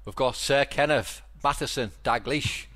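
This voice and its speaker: Middle-aged Liverpool man, podcast host, relaxed rambling storyteller, mid-pitched voice. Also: a little slow. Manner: rambling storyteller with many restarts. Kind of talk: casual chat.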